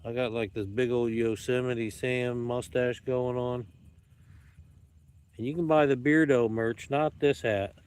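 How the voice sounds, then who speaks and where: A playful YouTube vlogger rambles and clowns for the camera outdoors as dusk falls, with dogs around. His mid-range voice is clear, resonant and a little mellow, with fairly even intonation and a measured pace.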